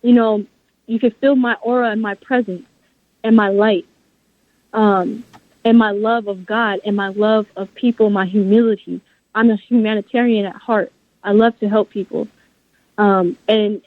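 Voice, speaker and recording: A woman's voice: mid-range voice, dry recording. A woman guest author in an interview, talking with passion and firm conviction. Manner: passionate, emphatic, faith-driven talk. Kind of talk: interview over a phone line. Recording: phone-line audio, dry.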